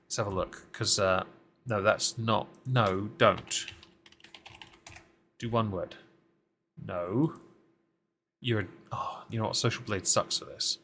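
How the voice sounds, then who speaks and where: A man's voice: lowish voice, takes it slowly, pauses often, fairly bright tone, slight background noise. A man hosting a casual live-stream commentary, talking with dry, sarcastic asides and frequent ums as he greets chat and reads through posts.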